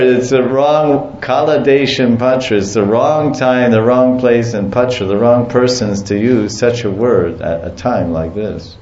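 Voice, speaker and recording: A man giving a devotional talk in an unhurried storytelling manner, listing things and chuckling as he goes. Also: medium pitch, darkish tone, a little hiss or hum. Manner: slow, storytelling, lists and chuckles. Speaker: devotional teacher. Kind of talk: devotional lecture and property tour. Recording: echoey muffled room with faint ambience.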